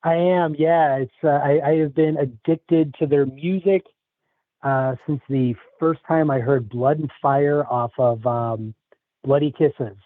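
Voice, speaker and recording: A man speaking as a podcast guest over a video call, telling folklore stories in a measured, hesitant way. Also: fairly high pitch, steady tone, dry recording. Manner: measured, hesitant, lots of fillers. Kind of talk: casual interview, storytelling. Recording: phone-like narrow audio.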